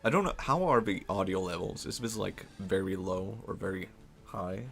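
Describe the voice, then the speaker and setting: A male streamer talks through his game in a loose, rambling way, breaking into giggles as his ideas spiral. His voice is low with a gravelly, fry-heavy texture. Soft game music runs faintly underneath. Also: animated, normal speed. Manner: rambling, giggly, playfully absurd. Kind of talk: casual gameplay commentary.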